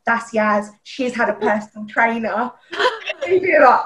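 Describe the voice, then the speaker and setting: A woman's voice: a little high, animated, normal speed, fairly bright tone, slight background noise, poor audio. A young woman, a netball player, telling a story in a casual chat and laughing often.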